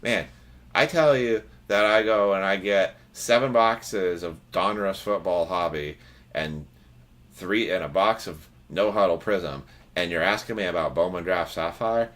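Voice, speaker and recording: A man's voice: sits low, a little slow, a bit bright. A man hosting a trading card break livestream, chatting casually and teasing his viewers.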